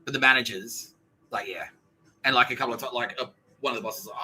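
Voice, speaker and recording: A man's voice: medium pitch, quick pace, sharp tone, a little hiss or hum, low-quality recording. A man hosting a podcast, telling a profane, ranting story and acting out other people's lines in brief voices. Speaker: podcast host. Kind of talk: casual podcast monologue.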